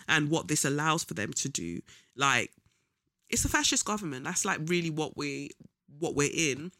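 A young man vents in a casual commentary monologue, blunt and full of slang, stopping for ums along the way. His voice is bright and a bit sharp, sitting slightly high. The sound is close and dry, with no room around it. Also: no room sound. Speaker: vlogger.

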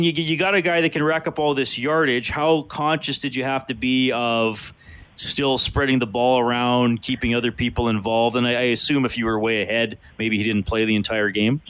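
A man's voice: mid-range voice, fairly bright tone. A man with a mid-range voice hosts a sports radio interview. He asks his guest questions in a chatty way, with the odd "uh" and a repeated word. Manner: chatty questioning, some hesitations. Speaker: radio sports show host.

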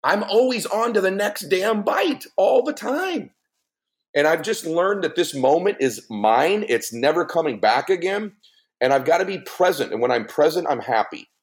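A middle-aged man spinning an animated story as a podcast guest, his pitch leaping up and down as he goes. He laughs easily and mimics other people's voices along the way. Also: moderate pace. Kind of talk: storytelling conversation.

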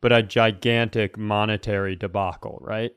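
A man's voice: fairly low pitch, steady tone, moderate pace, fairly bright tone, smooth, no echo, clean studio sound. A man co-hosting a podcast, reacting briefly and asking follow-up questions in casual chat. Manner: reacts with short interjections, asks follow-up questions. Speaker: podcast co-host.

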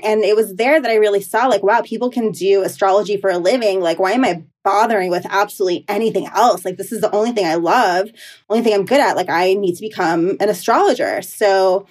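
A woman in her thirties, an astrologer, telling stories in a casual interview, chatty and full of "like" and "you know". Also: medium pitch. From New York City. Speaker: astrologer guest.

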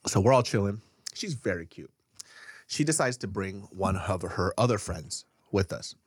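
A man co-hosting a podcast, telling a story in casual, profane chat and getting loud when worked up. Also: sits low, moderate pace, slightly rough, no echo, clean studio sound. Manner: animated, profane, jumps to shouting when riled. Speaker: podcast co-host. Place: podcast studio.

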